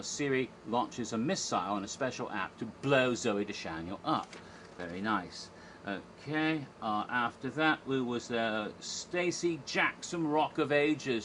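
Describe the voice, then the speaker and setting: A man talks through a stage show in a loose, irreverent way and jumps into voices for the characters. His voice is bright and forward. Faint noise sits under the recording. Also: medium pitch, poor audio. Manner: chatty, irreverent, acts out quoted lines. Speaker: theme park history vlogger. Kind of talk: casual retelling of a stage show.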